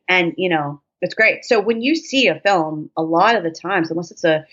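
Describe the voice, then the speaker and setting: Podcast guest, woman: jokey, profane, animated storyteller, somewhat low voice, muffled lo-fi sound. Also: normal speed, few pauses. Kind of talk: casual chat. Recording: dull lo-fi sound.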